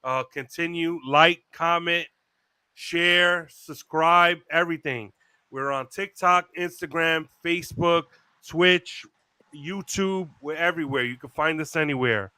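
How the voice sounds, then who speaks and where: Brief: podcast host man, bright clear voice, slightly high, dry and close, laughs a lot. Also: measured pace, no echo. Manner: laughs often, uses fillers when plugging the show. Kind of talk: casual sports banter, show sign-off.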